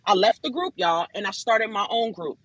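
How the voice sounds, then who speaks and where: Husky, bright-voiced woman telling her story. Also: mid-range voice, moderate pace, no echo, low-quality recording. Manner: animated, emphatic, often addresses listeners as y'all. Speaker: room host telling her side of a dispute. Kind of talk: casual storytelling on a live audio chat room. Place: online audio room.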